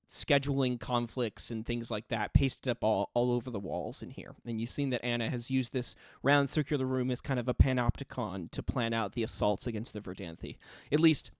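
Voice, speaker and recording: A man's voice: mid-range voice, no room sound. Dry-sounding male game master. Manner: descriptive, loose narration with many fillers. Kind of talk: narrating a tabletop game.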